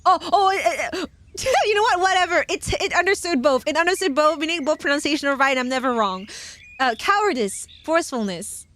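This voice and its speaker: A woman's voice: high voice, animated, fairly quick, fairly bright tone, no room sound. A young woman streaming casually, giggling often and breaking off from reading tarot card meanings to chat playfully. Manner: reads tarot meanings aloud with asides. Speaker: virtual streamer.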